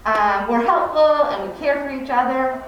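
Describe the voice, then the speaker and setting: Heard from a distance with the highs cut off, a woman's high-pitched, slightly bright voice moves at a normal speed. She's a kindergarten teacher giving parents an informal rundown of her classroom, chatty and filler-heavy, in a large indoor room with strong echo and faint noise.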